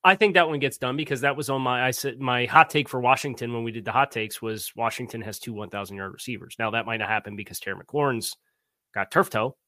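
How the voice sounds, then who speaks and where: A man's voice: mid-range voice, quick pace, sharp tone, no echo, clean studio sound. A man with a Philadelphia accent co-hosting a sports podcast, chatting casually and playfully about football. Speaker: podcast co-host, football analyst.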